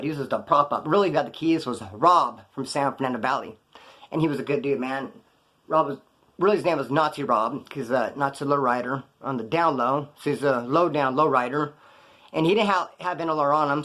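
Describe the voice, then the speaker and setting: Fast-talking man telling prison stories. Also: fairly high pitch, a bit bright. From Kern County, California. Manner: rapid, slangy, quotes others in put-on voices. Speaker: prison storyteller vlogger. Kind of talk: fast casual storytelling monologue.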